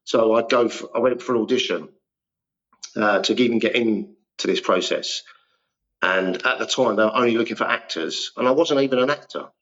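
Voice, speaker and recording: A man's voice: fairly low pitch, a little fast, a bit bright, highs cut off. A man in his fifties, a guest actor telling rambling, self-deprecating stories in a casual interview. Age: 50s.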